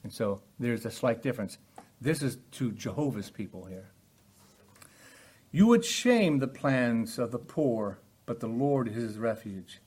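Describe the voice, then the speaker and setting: An older man teaching a Bible passage in a sermon style, earnest, moving from quiet explanation to loud emphatic passages. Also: medium pitch, animated, a little slow, husky.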